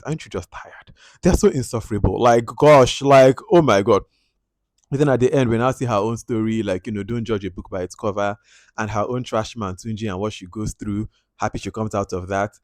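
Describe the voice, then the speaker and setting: A man's voice: on the low side, dry recording, clean studio sound. A man with a Nigerian English accent giving a casual film review, animatedly acting out lines and dropping into pidgin. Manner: animated, acts out lines and quotes with mixed-in pidgin. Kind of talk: casual movie review to camera.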